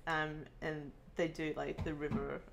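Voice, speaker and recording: A woman's voice: deep voice, little pitch movement, unhurried, creaky, noisy background. Giggly woman hosting casual chat. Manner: chatty and giggly, with many fillers. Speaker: host. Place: her home.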